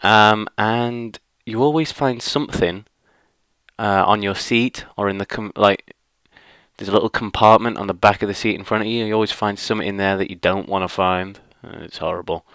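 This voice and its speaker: Man, vlog rant, low smooth voice, dry close mic, rambling and fed up. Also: steady tone, moderate pace, fairly bright tone, dry recording. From northwest England. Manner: grumbling and exasperated, rambling with many fillers. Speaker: vlogger. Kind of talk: casual ranting monologue.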